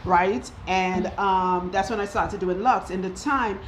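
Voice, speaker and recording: Casual female host for a story time chat, laughs easily, middle-pitched, light noise behind. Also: unhurried, low-quality recording. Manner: chatty, laughs often while telling stories. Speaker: loctician and show host.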